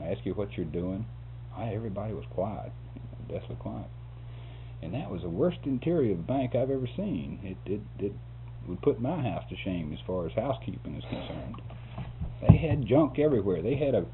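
Older man telling folksy stories, chuckling. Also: on the low side. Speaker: interviewee, photographer. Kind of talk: rambling anecdotal storytelling. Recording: tinny lo-fi tape with hum.

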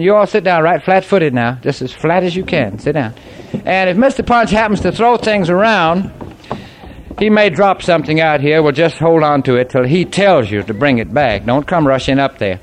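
A man's voice: fairly high pitch, a little hiss or hum. A man as a puppeteer, chatting in a folksy, coaxing way to children at a live puppet show.

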